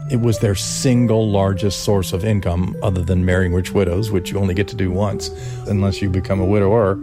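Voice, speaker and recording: A man's voice: low voice, little pitch movement, brisk, over music. A man speaking as a historian in an interview, explaining in a conversational way with hesitations. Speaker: historian and author. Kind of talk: interview commentary.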